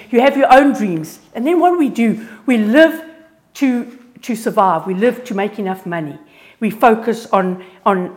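A woman giving an informal, earnest sermon and personal testimony, lively and prone to restarting words. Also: medium pitch. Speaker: speaker sharing a testimony. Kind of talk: informal church sermon with slides. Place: church gathering.

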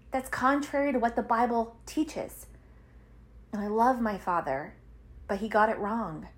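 A woman in her thirties with a slightly high voice talks straight to her women listeners in a relaxed devotional podcast chat. She is emphatic, stacks repeated words for weight and laughs easily between points. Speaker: Christian podcast host.

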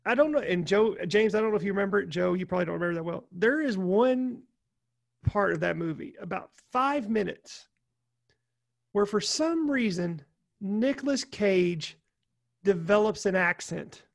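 Gravelly high-voiced man rambling excitedly. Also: moderate pace. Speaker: podcast co-host. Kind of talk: casual film chat.

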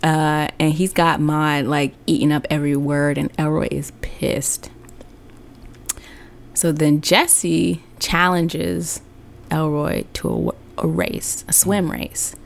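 A woman's voice: low-pitched, level tone, slow, creaky. A woman host telling a comic story in a casual, slangy way, laughing often. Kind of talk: comedic storytelling.

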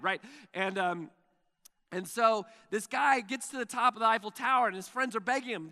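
A pastor delivers a sermon with a high, bright voice. He tells stories in a loose, animated way, full of fillers, and acts out what people said. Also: fairly quick. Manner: animated storytelling with fillers and acted-out quotes.

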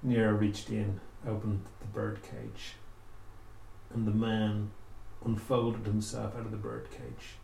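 A man telling a spooky folk tale aloud, with slow, dramatic pauses. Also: on the low side, flat delivery, vocal fry, warm tone, a little hiss or hum. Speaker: storyteller. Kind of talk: oral storytelling. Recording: echoey room, faint ambience.

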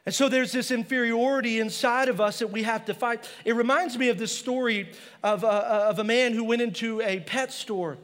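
A man's voice: very high voice, normal speed, a bit bright, long reverb tail. A male pastor preaching a passionate sermon in a church, mixing personal stories with scripture.

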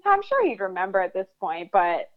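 A woman in her thirties telling a story in a casual interview, animated and swearing freely. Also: mid-range voice, a little fast. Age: 30s. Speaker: guest storyteller. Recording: dull lo-fi sound.

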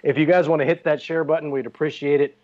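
A man's voice: on the high side, flat delivery, fast talker, a little mellow, highs cut off. A man co-hosting a casual chat show, joking and bantering with a headset mic. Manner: joking, banters and laughs often. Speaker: podcast co-host.

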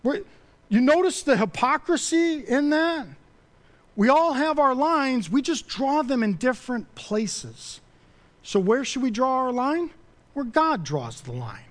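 A middle-aged man preaching a sermon from a podium, emphatic and passionate, swinging between forceful declarations and quiet, humbled asides. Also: very high-pitched, big pitch swings, measured pace. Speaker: pastor. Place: church sanctuary at a podium.

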